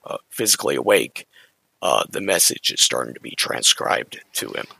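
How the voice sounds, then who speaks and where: Man, gravelly, bright, casual bible study co-host, dry close mic. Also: rumbling low, expressive, moderate pace, dry recording, rough recording. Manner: conversational, reads scripture aloud with shifting inflection. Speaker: podcast co-host.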